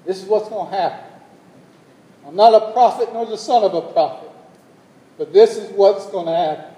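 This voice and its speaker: A man preaching a sermon as pastor, telling a story and building to loud, emphatic calls to the congregation. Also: sits high, normal speed, long pauses, distant mic. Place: church hall. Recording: echoey hall, long reverb.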